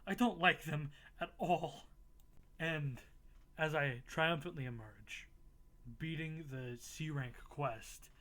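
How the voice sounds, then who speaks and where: A man's voice: a little high, slow, sharp tone. A young man casually recapping a game playthrough, swearing freely and laughing at himself. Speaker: gaming YouTuber.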